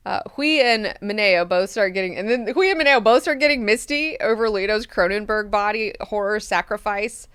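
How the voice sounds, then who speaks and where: A woman hosting a book club, recapping chapters in a chatty, animated way with frequent filler words. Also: mid-range voice, moderate pace, hardly any pauses, clean tone, no room sound, clean studio sound.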